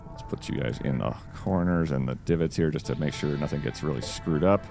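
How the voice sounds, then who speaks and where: A man's voice: rumbling low, a little fast, vocal fry, music in the background. A man streaming a game live, chatting along as he plays, greeting viewers and talking to his cat. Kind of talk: live-streamed gameplay commentary.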